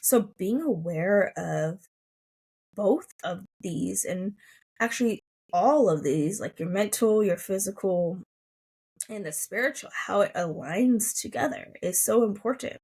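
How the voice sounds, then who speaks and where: Pregnant woman in her 30s doing a solo podcast, soft and teary, lots of likes and ums. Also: mid-range voice, expressive, a little slow, gravelly, breathy edge. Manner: soft, emotional, reflective with frequent fillers. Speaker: podcast host.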